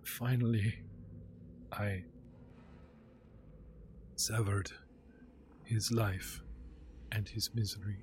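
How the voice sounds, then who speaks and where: A man's voice: lowish voice, little pitch movement, drawn-out words, long pauses, background noise. A man voicing a bitter fallen Jedi master. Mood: grim. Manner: bitter, self-pitying, swears. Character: despairing fallen male alien Jedi master, caged. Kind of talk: tabletop role-play character voice.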